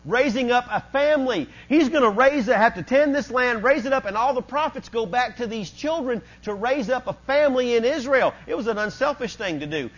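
A man preaching a sermon as pastor, animated and conversational with quick asides. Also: extremely high pitch, dull audio.

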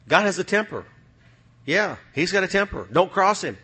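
A male pastor delivers a sermon to a congregation in a church, his voice bright and forceful and pitched a little above most men's. He presses his points home with emphatic repetition and rhetorical questions, calling out to the room to rally it. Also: lively intonation, normal speed, husky. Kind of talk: preaching a sermon.

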